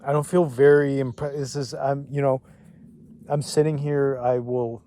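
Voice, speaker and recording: A man's voice: medium pitch, mellow, slight background noise. Swearing man musing outdoors. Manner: rambling, profane, frequent restarts. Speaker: vlogger. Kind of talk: casual reflective monologue. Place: outdoors among trees. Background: breeze and distant ambience.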